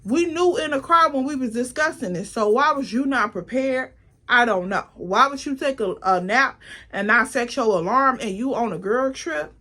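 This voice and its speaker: Animated, blunt woman telling a story. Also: fairly high pitch, normal speed. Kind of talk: casual storytime vlog.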